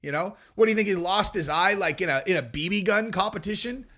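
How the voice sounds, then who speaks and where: Brash, high-voiced male podcast host. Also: fast. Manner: animated storyteller, brash, profane. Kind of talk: casual podcast commentary.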